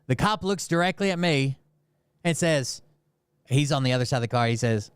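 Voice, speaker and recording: Man, smooth resonant voice, dry close sound, rambling profane storyteller. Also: medium pitch, animated, normal speed, pauses often, no echo. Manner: profane, rambling, heated retelling full of fillers. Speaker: channel host. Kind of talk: casual storytelling.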